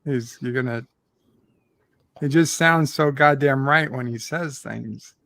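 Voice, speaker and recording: A man's voice: mid-range voice, slow, creaky, a bit bright, no room sound. A man on a casual morning stream chat, wisecracking with dry humor.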